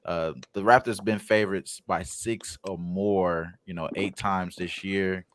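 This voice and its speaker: A man with a very deep voice reads off betting notes in an easygoing, slangy way with many pauses. The sound is dry and close. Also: fairly even intonation, no room sound. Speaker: sports betting panelist. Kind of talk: casual sports betting talk.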